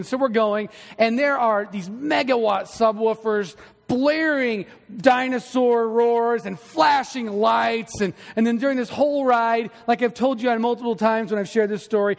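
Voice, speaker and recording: A man's voice: very high-pitched, big-room sound. A middle-aged male pastor preaching a sermon in a church, conversational and storytelling, with self-deprecating humor. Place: church sanctuary.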